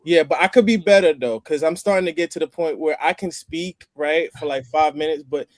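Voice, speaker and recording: A man's voice: a little high, brisk, no room sound. Chatty man with a close, dry voice. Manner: chatty, explains phrases at length. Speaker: roundtable participant. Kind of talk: casual group chat over a stream.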